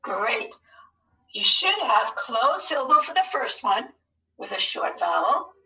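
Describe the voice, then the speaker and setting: A woman teaching a phonics lesson on video, breaking words into syllables slowly and encouraging the class. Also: a little high, sing-song, vocal fry, sharp tone, recorded from a distance, poor audio. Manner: slow, encouraging, modelling each syllable.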